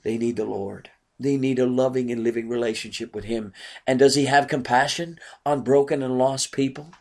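A man's voice: medium pitch, fairly even intonation, normal speed, a little mellow. A man preaching a sermon in an earnest way, often asking rhetorical questions.

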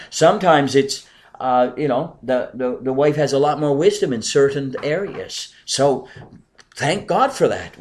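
A middle-aged pastor preaching earnestly to a congregation, pressing his points with emphasis, then dropping to quieter asides. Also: medium pitch. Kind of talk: sermon with congregation replies.

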